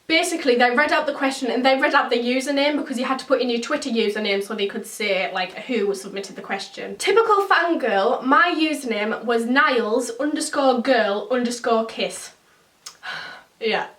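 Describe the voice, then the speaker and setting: A woman's voice: a little high, animated, normal speed, a bit bright, roomy sound, distant mic. A teenage girl from North-East England with a Geordie accent, telling a gushing storytime vlog with lots of giggles and "like". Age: teens. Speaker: YouTuber.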